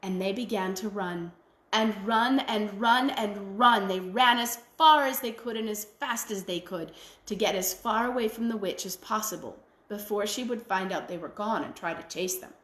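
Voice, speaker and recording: A woman storyteller telling a traditional tale in an expressive, folksy way. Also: medium pitch, normal speed, roomy sound. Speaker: library storyteller. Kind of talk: oral storytelling.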